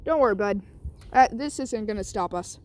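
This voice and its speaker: A woman's voice: mid-range voice, expressive, moderate pace, darkish tone, close to an everyday voice. A woman voicing a casual father brushing off a worry to reassure his young son. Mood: reassuring.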